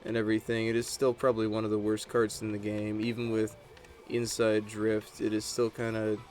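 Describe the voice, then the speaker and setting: Low, flat-voiced man rambling over gameplay. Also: fairly quick, soft background music. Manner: rambling, chatty storytelling while playing. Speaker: gaming channel host. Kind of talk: casual gameplay commentary.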